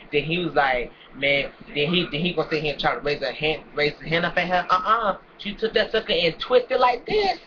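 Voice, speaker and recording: Animated young man preaching to kids. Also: a little high, brisk, hardly any pauses. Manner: preachy, animated storytelling with lots of restarts. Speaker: vlogger. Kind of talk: casual storytelling rant. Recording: dull lo-fi with crowd noise behind.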